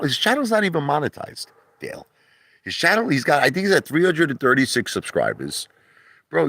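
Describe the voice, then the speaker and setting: Deep-voiced rambling New man. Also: a bit bright, no room sound, studio quality. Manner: rambling, boastful, breaks into laughter and mock falsetto. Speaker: livestream host. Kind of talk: casual livestream chat. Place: outdoor hot tub at night.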